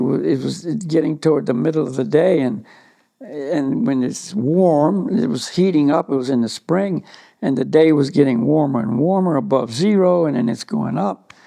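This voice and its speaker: Man, mellow gravelly voice, slightly high, meandering storyteller giving a spiritual talk. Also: normal speed. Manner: rambling, anecdotal, many "you know" asides.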